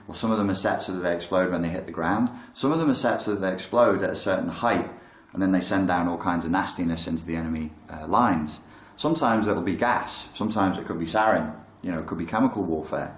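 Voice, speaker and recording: A man's voice: sits low, fast talker, echoey room. A man talking casually and frankly about meditation, with some swearing. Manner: frank, swears, acts out thoughts in quotes. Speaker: meditation and mental health talker. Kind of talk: casual spoken talk on meditation.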